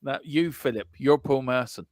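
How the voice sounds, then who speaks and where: Male co-host, middle pitch, dry close sound, jokey, repeats himself. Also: normal speed, no echo. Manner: playful, repeats himself in bursts. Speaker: co-host reading live chat. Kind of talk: casual live sports chat stream.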